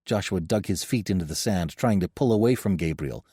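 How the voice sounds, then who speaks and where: Low, mellow male audiobook narrator. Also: brisk, husky, dry recording, studio quality. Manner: expressive storytelling. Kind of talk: scripted narration.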